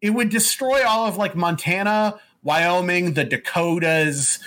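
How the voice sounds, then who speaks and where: A man in casual chat, recapping a video game story in a rambling, profane way and dropping into quick put-on voices. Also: high-pitched, fairly bright tone.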